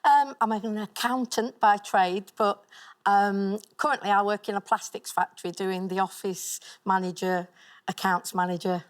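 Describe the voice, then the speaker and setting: A woman's voice: medium pitch, steady tone, moderate pace. A woman, a quiz contestant, speaking hesitantly with ums. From Chesterfield, England.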